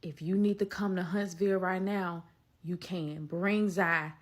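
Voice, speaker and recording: A woman voicing her best friend, speaking softly and urgently to reassure. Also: fairly low pitch, steady tone, measured pace. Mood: reassuring.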